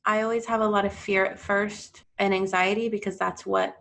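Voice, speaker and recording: A woman's voice: mid-range voice, level tone, moderate pace, gravelly, a bit bright. A woman being interviewed as a podcast guest, reflective and earnest as she speaks candidly about a personal experience.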